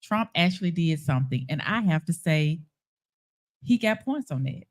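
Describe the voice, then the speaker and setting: Animated woman telling a story. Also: on the low side, moderate pace. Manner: animated, playful, acts out quoted voices. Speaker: show guest. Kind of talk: casual storytelling chat. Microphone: live stream call.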